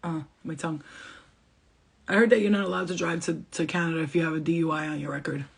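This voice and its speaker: Husky fast-talking woman channeler. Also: low voice, steady tone. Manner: fast, blunt, swears freely. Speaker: spiritual channeler giving a reading. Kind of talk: casual livestream reading.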